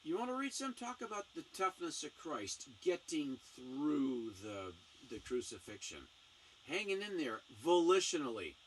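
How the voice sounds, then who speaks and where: A man's voice: a little high, moderate pace. A man hosting a casual talk show, telling stories and acting out the voices in them. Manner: animated, acts out voices in anecdotes. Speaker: missionary speaker, show host. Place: small home studio. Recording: distant mic, faint background noise.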